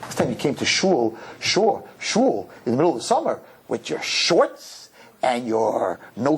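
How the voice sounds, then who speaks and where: A rabbi giving a humorous sermon to young people, telling stories and jumping into high, mocking voices. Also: male voice, measured pace, slightly rough. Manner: animated storyteller, jumps into high mocking voices. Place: synagogue hall.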